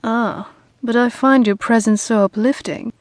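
A woman voicing a seductive, teasing man who speaks in a soft murmur. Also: very high-pitched, fairly even intonation, a little slow, no echo.

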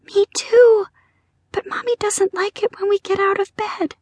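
A woman's voice: very high-pitched, fairly even intonation, unhurried, a little mellow, no echo, pitched above the performer's own voice. Woman voicing a little girl, sweet, meek, childish, audiobook, dry studio. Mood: eager. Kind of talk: audiobook character voice.

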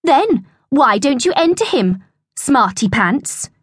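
A woman's voice: high voice, very animated, takes it slowly, slightly rough, dry recording, studio quality, pitched above the performer's own voice, heavily acted. A woman voicing a boastful, snooty schoolboy who sneers and brags in a raised voice.

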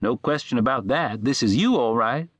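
A man's voice: mid-range voice, expressive, normal speed, fairly bright tone, no echo, pitched above the performer's own voice. A wary shopkeeper fires short, blunt questions in a voice pushed well above the performer's own, as a male narrator puts him on. The sound is close and dry, with no room around it. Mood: curious. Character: suspicious small-town shopkeeper, middle-aged man.

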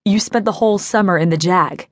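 A woman's voice: medium pitch, fairly quick, dry recording, studio quality, close to an everyday voice. A woman voicing an earnest, angry young man in an audiobook, speaking in an urgent, serious manner.

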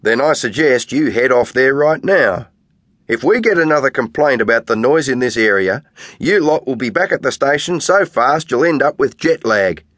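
A man with a mid-range voice plays a stern police constable issuing firm warnings. His intonation is lively, his pace normal, and his tone a bit bright, with his pitch raised above his natural voice in a dry, studio-quality recording.

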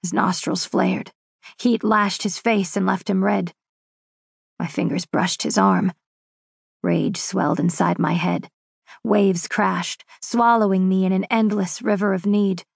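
A woman narrating a first-person fantasy romance audiobook in a dramatic, measured, intense way. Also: mid-range voice, fairly even intonation, vocal fry, husky, no echo, clean studio sound.

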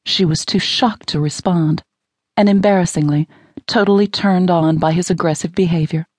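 Low-voiced woman narrating romance. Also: steady tone, moderate pace, a little mellow, dry recording. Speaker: audiobook narrator.

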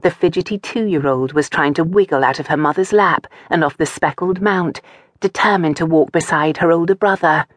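A woman narrating an audiobook novel in a calm, measured storytelling manner. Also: low-pitched, no echo, studio quality. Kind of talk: scripted narration.

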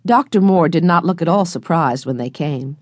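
A woman narrating a children's audiobook with clear, expressive storytelling, recorded close in a studio. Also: fairly low pitch, moderate pace, no echo. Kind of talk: scripted narration of a children's book.

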